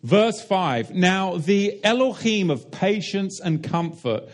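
A man's voice: high-pitched, animated, takes it slowly. A man preaching a sermon, emphatic and direct, asking the listeners rhetorical questions and explaining Hebrew and Greek terms.

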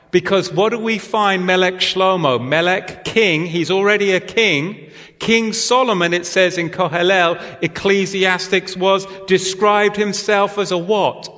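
A British man teaches from scripture at an unhurried pace in a high, light voice. He tends to pose rhetorical questions and then answer them himself. His voice rings with a long reverb, as if in a large hall. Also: fairly bright tone. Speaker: Bible teacher.

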